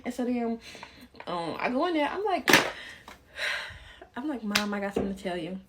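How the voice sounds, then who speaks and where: A young woman from Chicago telling a casual storytime on her phone camera while doing her makeup, chatty and animated, full of "like". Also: on the high side, unhurried, very noisy. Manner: animated, chatty, peppered with "like" and laughter. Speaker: vlogger.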